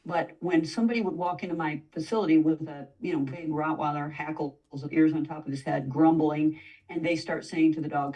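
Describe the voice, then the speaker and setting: A woman's voice: low-pitched, fairly even intonation, fairly quick, mellow, far from the mic, rough recording. A woman dog trainer, a guest in a conversational interview, explaining at length and now and then acting out what a dog might say. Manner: explanatory, acts out dog voices in quotes.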